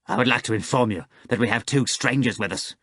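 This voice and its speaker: A man voicing a dutiful male demon servant who reports briskly and formally. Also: medium pitch, a bit bright, slightly rough, no echo, studio quality.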